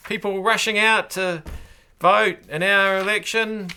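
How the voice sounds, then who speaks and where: A bright, forceful man's voice with a New Zealand accent, sitting a bit high for a man. He hosts a comic run through the news and talks sarcastically and playfully, breaking into sudden squeaky outbursts. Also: steady tone, a little slow, clear, resonant tone. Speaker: host. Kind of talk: comedic news commentary.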